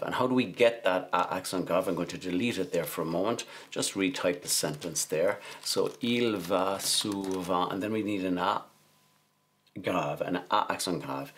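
Male tutor, very low voice, patient step-by-step explainer with "uh" fillers. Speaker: French teacher. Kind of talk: screen-share tutorial.

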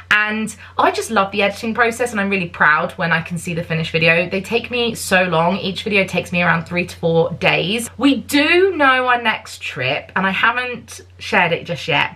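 Bubbly chatty woman with a bright voice. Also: medium pitch. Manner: bubbly and chatty, many "like" fillers. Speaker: vlogger. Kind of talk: casual chat to camera.

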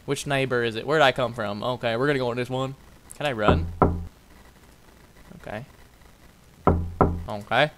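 A man's voice: mid-range voice, normal speed, long pauses, heavy background noise. A young man playing a horror game and joking his way through it, reading the dialogue aloud and swearing. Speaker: gaming YouTuber. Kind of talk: let's play commentary.

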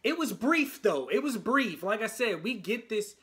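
Male reaction YouTuber from the United States, high voice, excitable and rambling, trips over his words. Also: moderate pace. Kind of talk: casual reaction commentary.

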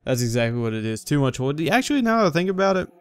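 A man's voice: a little high, big pitch swings, racing, clean tone. A man streaming a video game who rambles, swears freely and talks to himself. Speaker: gaming streamer. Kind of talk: let's play commentary. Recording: voice over loud game music.

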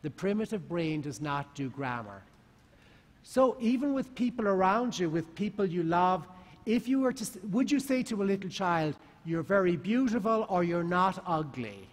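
A man giving a talk to a live audience, asking the listeners lively questions. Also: high-pitched, normal speed. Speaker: conference speaker. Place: large conference hall. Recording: long hall reverb.

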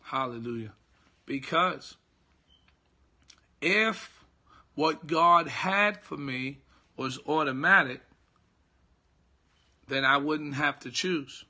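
A middle-aged man, a pastor, teaching a devotional slowly and repetitively, checking that listeners follow and greeting viewers by name. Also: fairly high pitch, pushed and bright. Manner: slow, repetitive teaching with call-and-response checks. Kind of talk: live-streamed devotional teaching.

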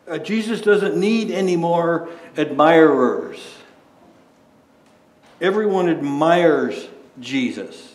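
A male pastor delivers a sermon in an unhurried, conversational way, stacking rhetorical questions and stumbling into restarts. His voice sits a little high. The room around him rings with echo. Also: lively intonation, darkish tone. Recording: echoey room.

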